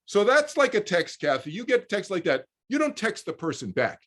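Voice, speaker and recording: A man's voice: sits high, normal speed. Rambling older man telling a story. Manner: rambling, repeats words and restarts, animated quoting. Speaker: guest speaker. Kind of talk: casual storytelling on a video call.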